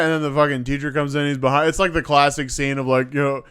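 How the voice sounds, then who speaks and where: A man's voice: mid-range voice, steady tone, fast, few pauses, a bit bright, smooth, no room sound, studio quality. A man in his twenties, co-hosting a podcast, telling a story in casual banter and laughing often. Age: 20s. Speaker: podcast co-host.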